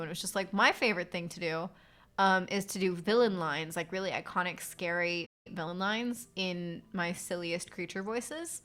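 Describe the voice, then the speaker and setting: A woman's voice: lowish voice, fairly even intonation, moderate pace, a bit bright. A woman streamer and voice actor chatting casually on a live stream from her apartment, rambling with fillers and swearing, her nose congested. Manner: rambling, frequent fillers and profanity.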